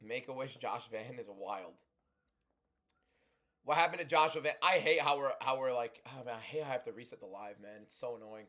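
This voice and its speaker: Loud, chatty young man on a livestream. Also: medium pitch, fairly even intonation, quick pace, hardly any pauses. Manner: loud, chatty, reads and answers chat. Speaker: livestream host. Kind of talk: casual livestream commentary.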